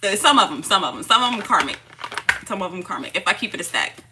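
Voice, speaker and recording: A woman's voice: fairly low pitch, sing-song, quick pace, background noise. A woman in her thirties chatting casually on a live stream as a tarot channel host, affectionate and laughing often as she greets viewers. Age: 30s.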